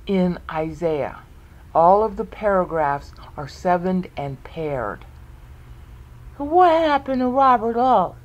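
A woman teaching from a book in an unhurried, deliberate way, leaning hard on her points and tossing out rhetorical questions. Her pitch sits in a mid range, and she reads quoted verses slowly aloud before picking them apart. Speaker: Bible teacher. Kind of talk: informal recorded lecture.

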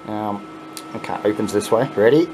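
A middle-aged man with an Australian accent hosting a casual unboxing vlog, excitable and chuckly, swearing freely. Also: on the low side, moderate pace, background noise. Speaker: coin pusher channel host.

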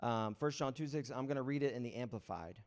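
A man, a pastor and a father, preaching a casual sermon, telling stories and acting out other people's excited lines. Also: mid-range voice, brisk. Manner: casual storytelling with excited acted-out quotes. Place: church sanctuary.

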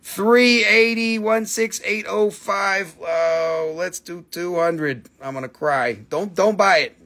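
Male live-stream crystal seller, raunchy jokester, auctioneer-style price calls, voice sits a bit high. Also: slow pace, pushed and bright. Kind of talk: casual live-stream selling chat.

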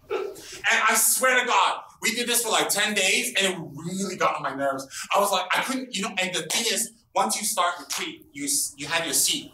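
A man giving an informal Buddhist teaching, telling stories in an animated, blunt and teasing way. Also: sits high, moderate pace. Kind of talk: informal dharma talk. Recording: roomy, distant mic, background noise.

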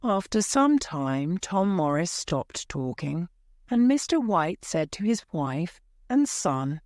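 Slow, measured storybook narrator. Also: medium pitch, sing-song, darkish tone, no room sound, studio quality.

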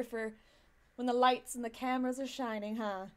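A woman's voice: on the high side, steady tone, moderate pace, a little mellow, clear, resonant tone. A woman streamer chatting casually to her viewers, giggling at herself and rambling with lots of fillers. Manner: giggly, self-mocking, rambling with many fillers. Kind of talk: casual chat to a live stream.

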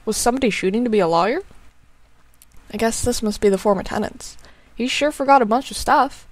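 A woman giving casual, sarcastic commentary over a game she plays. Her voice sits a bit high, and she swears freely and dryly mocks what happens on screen. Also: fairly quick, no echo, poor audio. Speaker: let's play gamer.

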